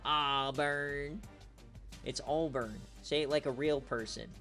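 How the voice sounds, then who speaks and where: Joking, excitable male game streamer. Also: medium pitch, normal speed, gravelly, faint music behind. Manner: joking, trash-talking, gets loud and excited at big plays. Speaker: online league host and streamer. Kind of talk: casual live-stream game commentary.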